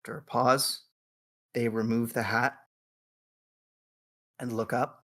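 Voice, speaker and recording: A game master narrates a tabletop role-playing game, describing each scene in a measured way. The voice sits at a middling pitch and sounds unhurried. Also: little pitch movement, fairly bright tone.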